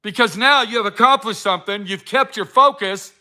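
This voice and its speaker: A man's voice: high-pitched, brisk, pushed and bright. A middle-aged man giving a blunt, profane motivational talk to his viewers, full of swearing and preachy advice. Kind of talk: profane casual motivational rant.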